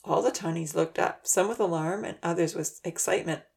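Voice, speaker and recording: Woman reading a kids storybook aloud, lowish voice, calm and steady. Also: fairly quick, vocal fry. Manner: steady, gentle narration. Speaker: narrator.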